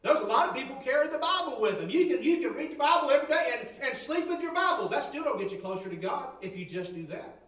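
A man preaching a sermon, fervent and swinging from near shouts to low storytelling tones. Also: sing-song, fast talker, recorded from a distance. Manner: fervent, rising to near shouts, dropping low for quoted stories. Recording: roomy echo, from off-mic.

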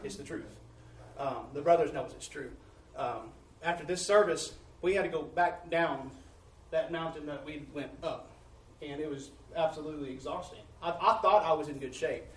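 A man preaching a testimony sermon in a church, telling his story in an animated way and laughing along the way. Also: a little high, normal speed. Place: church sanctuary. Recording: roomy church audio from a distance.

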